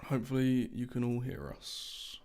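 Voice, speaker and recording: A man hosts a coding livestream in a relaxed, chatty way. He greets viewers as he goes. His voice sits at a middle pitch with a gravelly edge. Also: normal speed. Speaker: livestream host, developer. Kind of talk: casual livestream chat.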